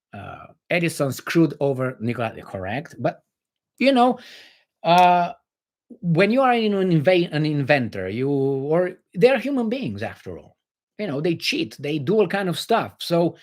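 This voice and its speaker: A man hosting a livestream, reading viewer comments and giving blunt opinions in casual chat, with many fillers and restarts. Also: a little high.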